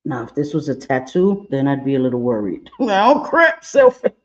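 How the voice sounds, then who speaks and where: A man's voice: medium pitch, lively intonation, a little fast, a little mellow, highs cut off. A man hosting a casual makeup tutorial livestream, chatting playfully and scolding his own eye and brush aloud as he works. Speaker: makeup vlogger.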